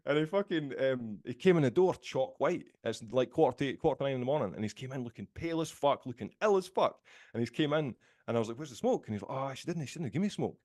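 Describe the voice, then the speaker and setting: A Scottish man rattles through rambling, profane stories at a brisk clip. He sits close to the mic in a dry, deadened room, and his pitch stays in a middle range. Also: expressive, a little mellow, dry recording. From Scotland. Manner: rapid, profane, rambling anecdotes. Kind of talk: casual podcast storytelling.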